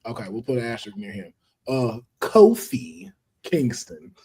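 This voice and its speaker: A man's voice: fairly low pitch, steady tone, fast talker, darkish tone, husky. A man with a Southern US accent, co-hosting a casual chat and leading the picks. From Southern United States. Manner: laid-back, leads the picks. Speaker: podcast co-host.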